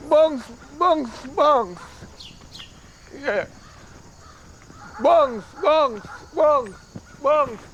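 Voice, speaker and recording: A man's voice: extremely high pitch, expressive, extremely slow, pauses often, a bit bright, highs cut off, a little hiss or hum, exaggerated voice. A man playing a playful, bragging young Jamaican boy.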